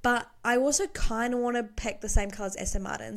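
A young woman co-hosting a casual chat, talking fast with giggles and lots of fillers. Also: fairly high pitch. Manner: chatty, giggly, fast bursts. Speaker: podcast co-host.

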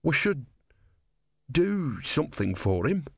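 A man voicing an exhausted, slow-witted young novice monk who speaks thickly and stubbornly. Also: a little high, sing-song, creaky, a little mellow, breathy edge, no echo, clean studio sound, pitched above the performer's own voice, exaggerated voice. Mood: dogged.

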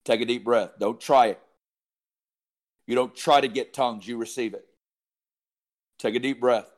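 A man leads a group in charismatic prayer, his voice fervent and insistent. Surges of loud exclamation give way to low, murmured tongues, all on a fairly level, unvaried pitch. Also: fairly even intonation, moderate pace. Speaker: prayer leader.

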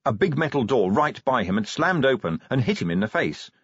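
A man narrating an audiobook in an animated, wry storytelling manner. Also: mid-range voice, fairly quick, breathy edge, dry recording, muffled recording. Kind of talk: scripted narration.

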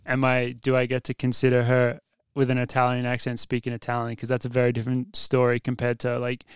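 A man's voice: medium pitch, monotone, fast, clean tone, no echo, studio quality. An Australian man hosting a podcast, chatting casually in laughing, easygoing banter. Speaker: podcast host. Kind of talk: casual chat.

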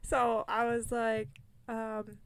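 A young woman co-hosting a casual chat, telling stories with animated acted-out quotes. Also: fairly high pitch, slow, clean tone, no room sound. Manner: animated storyteller, acts out quotes with big jumps. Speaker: podcast co-host.

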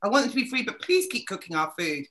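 A woman hosting a casual podcast panel, telling lively stories and acting out quoted remarks. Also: mid-range voice, fast talker. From United Kingdom. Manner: lively storyteller who acts out quotes. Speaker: podcast host.

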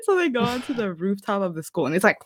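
A woman's voice: mid-range voice, big pitch swings, fast. A young woman in casual podcast chat, retelling a story in a rambling way, saying "like" constantly and swearing often. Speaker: podcast co-host.

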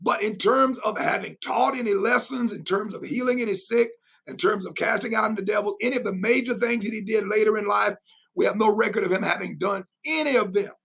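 High, gravelly, emphatic preaching man. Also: a little fast, fairly bright tone. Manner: emphatic and repetitive, with bursts of laughter. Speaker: preacher and Bible teacher. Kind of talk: sermon-style teaching.

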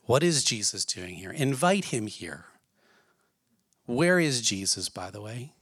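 A man's voice: mid-range voice, sing-song, measured pace, a bit bright, slightly rough, dry recording, clean studio sound. A man preaching a sermon in an earnest way, asking his listeners many questions. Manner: earnest, asks the audience questions.

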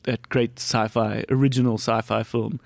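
Animated man chatting on a podcast, dry sound. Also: medium pitch, normal speed, gravelly, dry recording. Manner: animated, swearing, laughs while talking. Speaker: podcast host. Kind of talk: casual chat.

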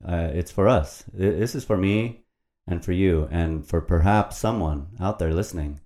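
Deep, dark-voiced male podcast host. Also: moderate pace. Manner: rambling, profane and playful. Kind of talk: casual podcast chat and poetry reading. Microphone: podcast microphone at a computer.

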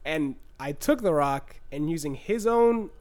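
A man's voice: fairly high pitch, measured pace. A young man co-hosting a casual podcast, telling school stories with gaming jokes. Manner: animated storyteller with gamer jokes. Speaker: podcast co-host. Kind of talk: casual chat.

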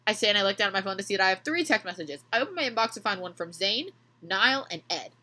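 A woman's voice: medium pitch, animated, quick pace, bright, forceful tone. A young woman hosting a podcast, reading fan fiction aloud and breaking off to joke and laugh. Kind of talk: comedic reading with chat.

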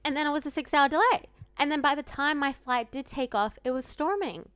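Woman in her twenties, podcast co-host, slightly high voice, dry close recording, blunt humor. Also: a little fast, fairly bright tone, no echo. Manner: supportive listener, blunt crude jokes. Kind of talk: casual chat.

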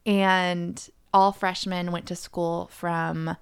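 Gravelly-voiced woman in casual chat. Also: on the low side, little pitch movement, extremely slow. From Florida, US. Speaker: podcast co-host.

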